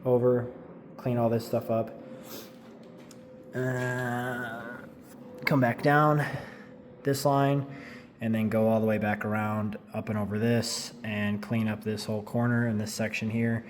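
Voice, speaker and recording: A man's voice: mid-range voice, little pitch movement, measured pace, pauses often, slight background noise. A man in his thirties casually talking through his car build in a home garage, rambling with lots of fillers.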